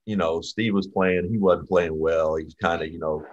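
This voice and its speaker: A middle-aged man hosting a chat show, telling a story in a relaxed, halting way with lots of ums. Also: low voice. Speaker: podcast host. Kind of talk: casual interview chat. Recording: slightly dull lo-fi audio.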